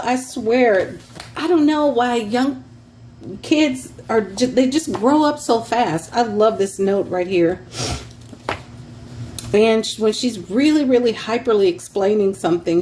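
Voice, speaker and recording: Woman, unhurried seller's chatter, light room hum behind, laughs between items. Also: medium pitch, darkish tone. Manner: chatty, laughs often, reads titles aloud as she browses. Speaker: online craft seller. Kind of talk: casual show-and-tell sales vlog.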